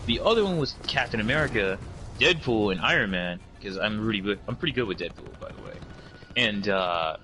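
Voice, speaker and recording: A man in casual podcast chat, telling a story with lively energy. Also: a little fast, noisy background. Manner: animated storyteller, mimics opponents in high squeals.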